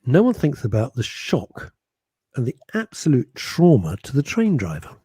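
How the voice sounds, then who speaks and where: A man co-hosting a radio show, chatting casually in a jokey, animated way with frequent laughs. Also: medium pitch, moderate pace, husky, no room sound. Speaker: radio co-host. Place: radio studio.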